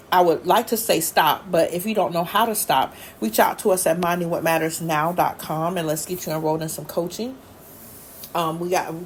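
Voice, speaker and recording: Earnest low-voiced woman podcast host. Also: darkish tone, a little hiss or hum. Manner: earnest, storytelling, loops back and repeats. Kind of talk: personal faith-based talk.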